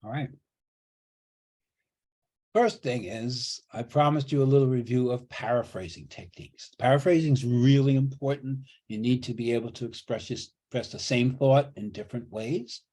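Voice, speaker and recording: A man's voice: medium pitch, moderate pace, mellow. A man teaching a college writing class over a video call, explaining grammar patiently and repeating key points. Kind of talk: online class lecture. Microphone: computer mic on a video call.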